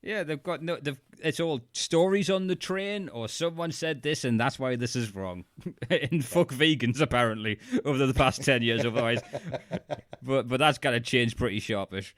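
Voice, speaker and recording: A man's voice: mid-range voice, moderate pace, fairly bright tone. A man co-hosting a casual podcast chat, blunt and swearing freely. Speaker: podcast co-host.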